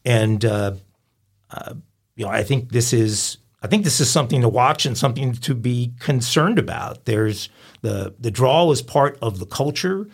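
A man from the Northeastern US co-hosting a casual podcast discussion, giving opinions at length with frequent pauses and fillers. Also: medium pitch, lively intonation, slightly rough. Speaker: podcast co-host.

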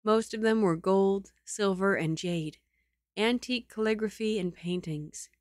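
A woman reading a novel aloud in a calm, even manner. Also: mid-range voice, unhurried, no echo, studio quality. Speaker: audiobook reader.

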